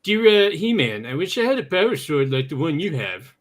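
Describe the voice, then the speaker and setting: A man's voice: on the high side, sing-song, a little fast. A man reading a boy's fan letter in a put-on Canadian accent, hesitant, with an "eh" added. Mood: hammy. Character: polite Canadian boy letter-writer. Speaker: podcast host.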